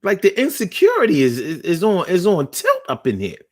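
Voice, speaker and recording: A man's voice: sits high, huge pitch swings, brisk, darkish tone. A man hosting a casual livestream, reading chat aloud and joking in a slangy, profane way.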